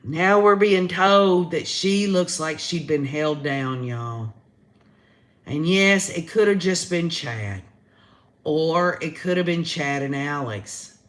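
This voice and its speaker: A woman's voice: sits low, slow. A woman with a Southern American accent hosting a casual livestream, chatting straight to her viewers. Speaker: livestream host. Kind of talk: casual live commentary.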